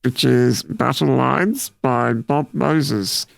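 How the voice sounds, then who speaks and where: A man's voice: medium pitch, slow pace, vocal fry, no echo. A young man, co-hosting a casual podcast chat about music with brief, laid-back remarks. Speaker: podcast co-host.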